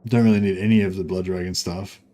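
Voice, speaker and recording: A man's voice: low voice, steady tone, fast, dark tone. A man casually commentating a livestream of a strategy game, rambling with many fillers and restarts. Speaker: streamer.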